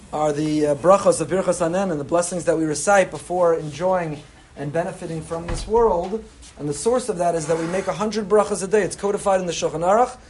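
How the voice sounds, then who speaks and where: A man's voice: high-pitched, darkish tone. A man, a rabbi, giving a chatty Torah class to a live group, mixing in Hebrew terms. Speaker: rabbi teaching a weekly class. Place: room with a breakfast crowd.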